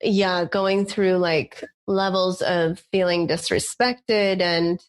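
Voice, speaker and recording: A woman's voice: lowish voice, steady tone, slow. A woman co-hosting a podcast, telling a personal story with intensity, drawing out words for emphasis. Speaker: podcast co-host. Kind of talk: casual chat.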